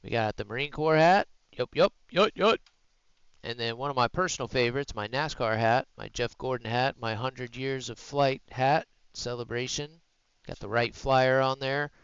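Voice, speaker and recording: A man's voice: medium pitch, moderate pace, fairly bright tone, clear, resonant tone, no room sound, dull audio. A man streaming live from home, chatting in an easygoing, rambling way into a headset mic. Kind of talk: casual live-stream chat.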